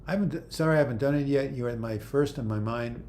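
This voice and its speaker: A man's voice: medium pitch, fast talker, a little mellow. An older man talks casually to his livestream viewers. He reads their comments aloud and answers them in a chatty, easygoing way. A faint background noise sits under his voice. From United States. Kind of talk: casual live chat.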